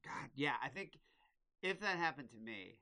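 A man's voice: medium pitch, very animated, moderate pace, sharp tone, no echo. Crude, joking male podcast host. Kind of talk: casual chat.

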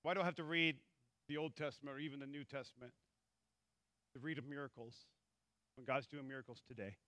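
A man preaching a sermon as pastor, animated and acting out the voices in scripture stories. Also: mid-range voice, quick pace, no echo.

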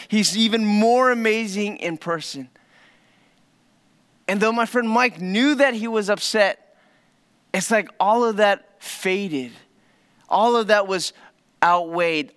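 High, smooth-voiced man preaching. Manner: storytelling with dramatic pauses and swings from hushed to loud. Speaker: pastor. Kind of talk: sermon.

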